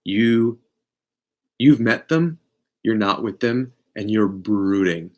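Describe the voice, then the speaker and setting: A man giving a casual live tarot reading, blunt and profane, with big swings in pitch and loudness. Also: slow pace. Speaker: tarot reader.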